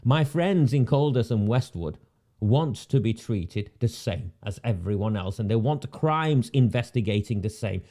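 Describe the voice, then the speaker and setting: A man's voice: mid-range voice, expressive, a little slow, mellow. A man, delivering a sarcastic, indignant rant and repeating phrases for emphasis. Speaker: independent political commentator. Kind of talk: ranting monologue.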